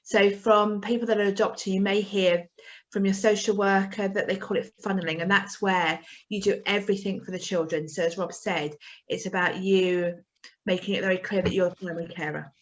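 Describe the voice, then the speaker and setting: A woman's voice: mid-range voice, steady tone, a little fast. A woman and adoptive parent explains practical tips casually on a video call webinar. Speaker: adoptive parent on the membership team. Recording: dull lo-fi video call audio.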